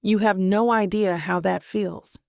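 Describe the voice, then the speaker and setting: Woman playing a young southern romance writer, sarcastic, clipped comebacks, gravelly edge, dry close sound. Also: medium pitch, fairly even intonation, a little slow, a little mellow, dry recording. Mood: angry. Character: sharp-tongued young woman romance author.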